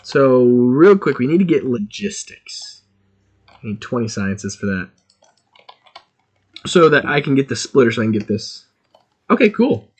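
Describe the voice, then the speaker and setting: A man streaming a video game, chatting casually and excitably while thinking aloud about what he is doing. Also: medium pitch, measured pace, long pauses, husky. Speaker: gaming streamer.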